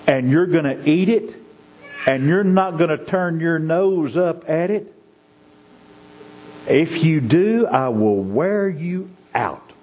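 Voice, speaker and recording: A man's voice: fairly high pitch, a little mellow, a little hiss or hum, pitched above the performer's own voice, poor audio. A man voicing a stern mother who lays down the law to her young son, firm and scolding. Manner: firm, scolding, rising emphatic.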